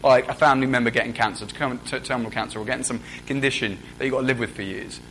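A man's voice: mid-range voice, steady tone, rapid-fire, a bit bright, slight background noise, low-quality recording. A young man preaching a sermon in a conversational way, often putting questions to the congregation.

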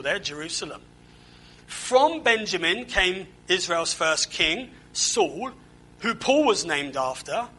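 A man's voice: sits high, pushed and bright, breathy edge, rough recording. A man preaching a conversational sermon, asking the congregation questions and often repeating words as he goes. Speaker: pastor.

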